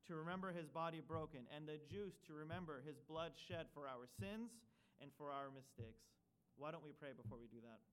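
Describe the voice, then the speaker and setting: Pastor guy telling a story in church, kinda high voice, really clear. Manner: animated storytelling, acting out his childhood self; slow, soft prayer. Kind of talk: sermon with personal story and prayer.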